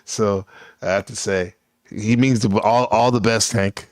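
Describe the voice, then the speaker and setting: Male panel host, lowish and dry, teasing, profane, loose. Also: fairly even intonation, unhurried, dry recording. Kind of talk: casual panel show hosting.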